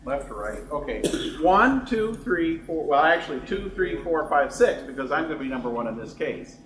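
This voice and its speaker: A man's voice: on the high side, big pitch swings, normal speed, far from the mic. A man co-leading a workshop, jokey and demonstrative as he banters with his co-presenter. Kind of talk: lunchtime workshop talk. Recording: echoey room with faint noise.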